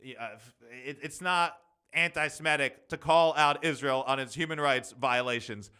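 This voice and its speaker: Bright, clear-voiced man rambling fast. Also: on the high side. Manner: fast, rambling, talks quickly with many fillers. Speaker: podcast host. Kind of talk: solo podcast monologue.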